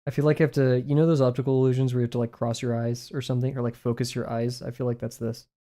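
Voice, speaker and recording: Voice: mid-range voice, level tone, very fast, mellow. A young adult livestreamer chatting casually while drawing, rambling and self-deprecating, muttering asides to themself. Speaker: livestreaming artist.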